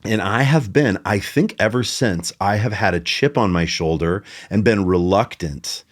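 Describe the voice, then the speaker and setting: A middle-aged man, a bass teacher, telling a story in a casual podcast chat and acting out the voices of other people in it. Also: normal speed.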